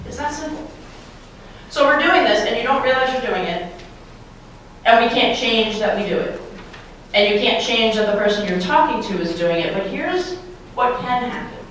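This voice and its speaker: An animated woman with a voice on the high side and a bit of brightness gives a motivational keynote at a moderate pace, playfully tossing questions to a live audience. She uses a handheld mic in a large hall, recorded from far away with strong echo and a little hiss or hum.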